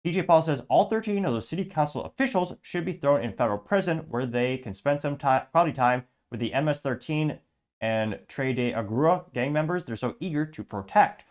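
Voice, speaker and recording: A man's voice: fairly high pitch, lively intonation, brisk. A man hosting a commentary show, reading viewer comments aloud with a sarcastic edge.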